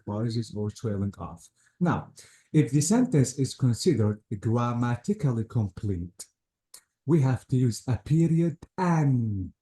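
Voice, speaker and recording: Male teacher, mellow voice, patient, explains punctuation step by step, checks in with the student. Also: medium pitch. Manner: patient, repeats points and checks understanding. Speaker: English teacher. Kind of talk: classroom grammar lesson.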